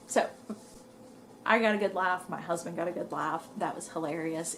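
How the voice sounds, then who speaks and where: With a fairly low voice at normal speed, a young woman chats casually to camera for her knitting vlog. She's a bit out of breath, rambles, and uses "y'all," over slight background noise.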